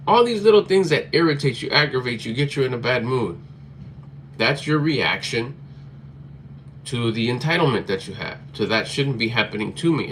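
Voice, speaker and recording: Speaking to camera in a medium, slightly bright voice, a man gives a blunt, forceful motivational talk for his vlog, cursing liberally and repeating points to hammer them in. A little hiss or hum sits under the audio.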